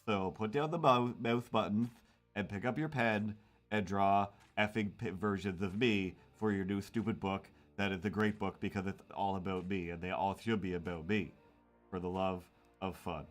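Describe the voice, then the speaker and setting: A man's voice: sits low, fairly even intonation, moderate pace, soft background music, natural voice. A man voicing Milo, a self-obsessed, easily enraged male cartoon mascot who rants and boasts. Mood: ranting. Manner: ranting, boastful.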